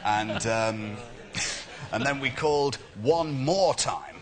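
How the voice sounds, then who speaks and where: A male impressionist, a talk show guest, telling anecdotes in an animated way. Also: mid-range voice, slow, very noisy. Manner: animated storytelling, slipping into impressions.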